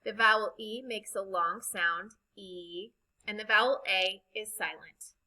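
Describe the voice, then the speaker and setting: A woman teaching a recorded reading lesson, speaking slowly and deliberately as she spells out vowel sounds. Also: medium pitch, pushed and bright, low-quality recording.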